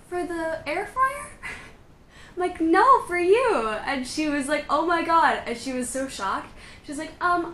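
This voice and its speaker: A young woman vlogging in a casual, chatty way, telling stories with lots of "like" and quick laughs. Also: fairly high pitch, a bit bright, echoey room, slight background noise. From Canada. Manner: bubbly, chatty storytelling with frequent "like" and laughs. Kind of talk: casual vlog chat.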